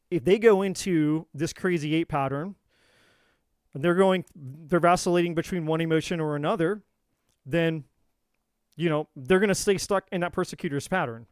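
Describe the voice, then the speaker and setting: A man hosting a live tarot stream talks in a high, lively voice, slipping into little acted-out voices as he explains. The sound is dry and close, with no room echo. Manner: animated, acts out quoted voices, casual swearing. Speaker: tarot reader and livestream host. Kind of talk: live-stream teaching talk.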